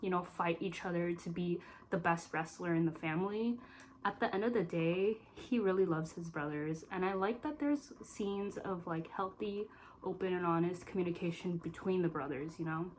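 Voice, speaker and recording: A woman's voice: on the low side, normal speed, a little mellow, a little hiss or hum, poor audio. A young adult woman giving a casual spoken film review, emotional and gushing, with lots of "like" fillers. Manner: emotional and gushing, with heavy use of "like".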